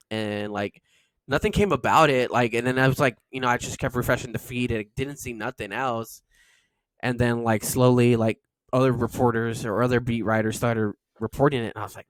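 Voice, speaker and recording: A man's voice: medium pitch, steady tone, fast, no echo. A man co-hosting a casual podcast, telling a story with lots of fillers and swearing. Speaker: podcast co-host.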